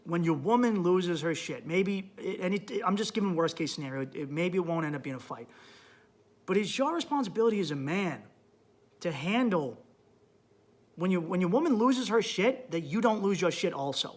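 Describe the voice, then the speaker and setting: A man hosting a comedy podcast, talking crudely and bluntly and acting out his own thoughts in an animated monologue. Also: high-pitched, moderate pace. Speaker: podcast host.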